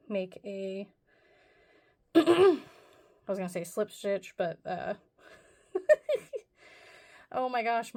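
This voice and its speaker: In a slightly mellow, mid-range voice, a woman hosts a casual crochet tutorial, rambling through each step with plenty of fillers and self-deprecating remarks.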